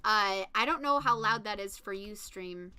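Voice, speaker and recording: A woman streams a game live, chatting casually and reacting excitedly to each new thing. Her voice is bright, with a middle pitch. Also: moderate pace, clear, resonant tone.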